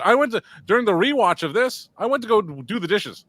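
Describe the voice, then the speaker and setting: A man co-hosting a podcast, giving blunt, mocking opinions in an animated way and laughing easily. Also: high-pitched, moderate pace, a little hiss or hum. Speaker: podcast co-host. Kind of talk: casual podcast chat.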